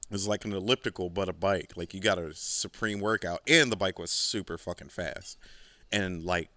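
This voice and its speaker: A man's voice: low-pitched, pushed and bright, no echo. A man hosting a podcast, telling a rambling, profane story in a casual solo monologue. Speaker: podcast host.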